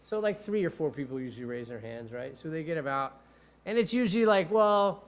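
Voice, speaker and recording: A man telling courtroom stories in a casual chat as a defense attorney and podcast host, animated and profane, acting out quotes. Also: on the high side, fast talker.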